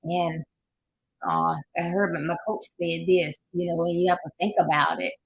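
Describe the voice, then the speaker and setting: A woman's voice: on the low side, steady tone, moderate pace, vocal fry, husky, highs cut off. An older woman with a Southern US accent, hosting a casual motivational talk, folksy and preachy, sometimes laughing as she talks. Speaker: life coach host.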